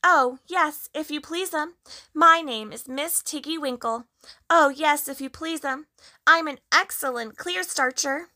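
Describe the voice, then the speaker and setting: A woman's voice: high voice, unhurried, sharp tone, voice pushed up. A woman doing a fussy little hedgehog washerwoman. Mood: fussy, polite. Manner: bobbing, polite, with a lilting sing-song. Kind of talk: storybook reading.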